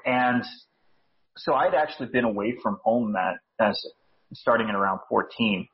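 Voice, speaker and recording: A man's voice: medium pitch, dull audio. A Canadian man, a guest on a casual podcast interview, talking in a chatty, self-deprecating way and laughing easily. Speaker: guest, speaker coach.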